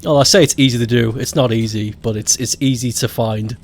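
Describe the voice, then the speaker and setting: A man's voice: medium pitch, steady tone, fairly quick. A man with a Scottish accent chatting casually as a game streamer, joking and laughing often. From Scotland. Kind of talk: casual chat while gaming.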